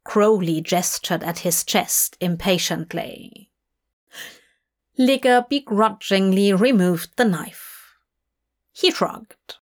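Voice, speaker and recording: A woman narrating a fan audiobook in a measured storytelling voice. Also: medium pitch.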